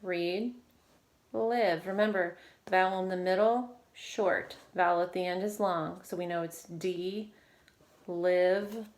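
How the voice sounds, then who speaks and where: A woman teacher leading a phonics lesson for children, slowly drilling sounds and praising often. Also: fairly low pitch, fairly even intonation. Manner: slow, encouraging, drilling sounds with frequent praise. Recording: echoey room with faint noise.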